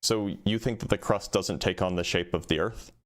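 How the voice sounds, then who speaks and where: Hosting a live debate stream, a man with a low voice talks casually at a moderate pace. He sounds hesitant, with lots of fillers and restarts.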